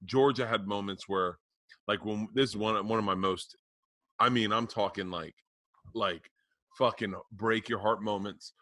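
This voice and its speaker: A man's voice: on the low side, steady tone, unhurried, fairly bright tone, no echo. A middle-aged man co-hosting a podcast, telling a rambling, profane, emotional story in casual chat. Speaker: podcast co-host.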